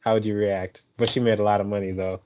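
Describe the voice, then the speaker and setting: A man's voice: fairly low pitch, little pitch movement, fast talker, darkish tone, muffled recording. A man in a casual chat who asks teasing questions.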